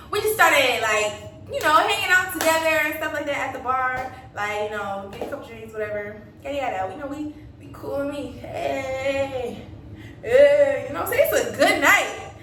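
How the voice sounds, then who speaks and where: A woman's voice: high voice, expressive, normal speed, fairly bright tone, roomy sound, distant mic, slight background noise. A young woman casually telling a dating storytime, chatty, laughing often and acting out the lines people said. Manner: chatty, laughs often, acts out quoted dialogue. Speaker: storytime vlogger.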